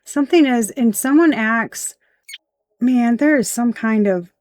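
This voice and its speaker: A woman's voice: on the high side, measured pace, a little mellow, dry recording. A woman giving a casual tarot reading, blunt and emphatic, swearing freely as she points out the cards. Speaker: tarot reader.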